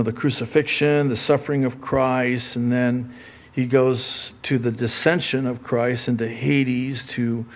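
Here a male pastor delivers a sermon in a conversational style, his voice dropping to quiet, low asides and then rising into loud, emphatic questions.

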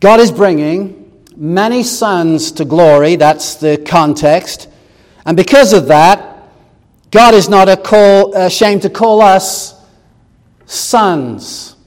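Man preaching, high voice, long church reverb, explains scripture, light humor. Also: slow pace. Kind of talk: sermon.

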